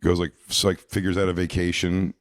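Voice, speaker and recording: A lower-voiced man riffs through casual podcast chat and slips into silly little bits. The recording is close and dry. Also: flat delivery, brisk, no echo. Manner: riffing, jumps into silly bits and put-on voices. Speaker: podcast comedian.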